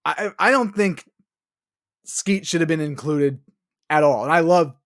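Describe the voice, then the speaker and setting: Dude on a movie podcast, swears a lot, gets worked up and loud. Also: male voice, on the high side, measured pace. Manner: profane, ranting, animated. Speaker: podcast co-host. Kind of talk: casual movie review chat.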